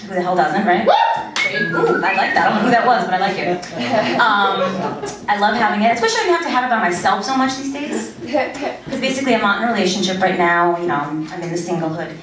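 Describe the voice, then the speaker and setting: A woman's voice: mid-range voice, fast. A woman in her thirties doing a crude, rambling stand-up set in a small club, laughing at her own jokes. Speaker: stand-up comedian. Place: small club with a live audience. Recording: echoey room recorded from far off, crowd noise. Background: audience chatter and laughter.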